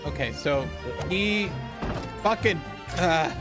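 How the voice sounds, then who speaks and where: Jokey young man with higher voice. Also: slow. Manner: jokey, reads game lines aloud in mock voices. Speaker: streamer playing a game. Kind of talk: casual gameplay chat. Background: game music.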